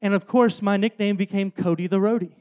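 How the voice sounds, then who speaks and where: Chatty man preaching, high voice. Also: steady tone, brisk, a little mellow. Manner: casual, rambling, self-deprecating with many fillers. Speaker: speaker at a worship event. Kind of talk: storytelling sermon.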